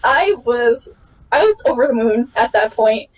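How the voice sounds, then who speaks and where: A woman's voice: a little slow, slight background noise, low-quality recording. A woman hosting a podcast, telling a travel story in casual chat and acting out what people said. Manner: excitable storyteller, acts out quotes with big pitch jumps. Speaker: podcast host.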